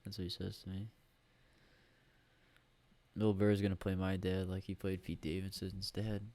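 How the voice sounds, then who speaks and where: Guy ranting alone into a usb mic, low flat voice, swears a lot, dry sound. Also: moderate pace, no room sound. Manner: rambling, profane, grumbling. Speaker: podcast host. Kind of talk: solo podcast rant. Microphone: USB microphone.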